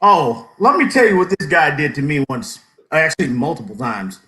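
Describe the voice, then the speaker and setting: A man, an Army veteran, telling lively war-story anecdotes in casual panel chat and laughing at his own tales. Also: a little high, normal speed, roomy sound, background noise.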